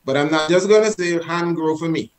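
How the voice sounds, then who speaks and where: A man's voice: fairly high pitch, a little fast. A man leading an exercise over a video call, earnest and coaxing, repeating commands with rising force. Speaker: presenter leading an online session.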